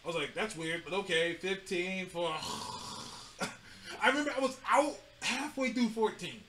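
A man's voice: sits high, a little slow, slight background noise. A man co-hosting a casual podcast chat, telling stories with lots of laughter and swearing. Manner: animated storyteller, laughs often, swears freely. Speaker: podcast co-host.

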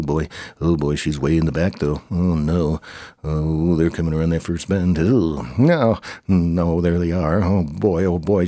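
Low, dark-voiced man improvising a story, rambling and excitable. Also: no echo, studio quality. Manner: rambling, excitable, with grunts and humming.

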